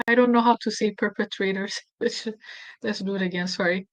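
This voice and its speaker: A woman with an Ethiopian accent, a native Amharic speaker, hosting a casual screen-recorded tutorial, thinking aloud and getting flustered with herself. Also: mid-range voice. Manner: thinking aloud, self-deprecating, easily flustered. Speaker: activist tutorial host.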